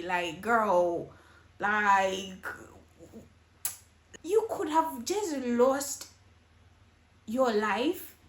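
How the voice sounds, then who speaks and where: A woman's voice: medium pitch, roomy sound. A woman hosting a reaction video, giving earnest warnings in casual commentary and often asking "okay?". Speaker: host reacting to clips.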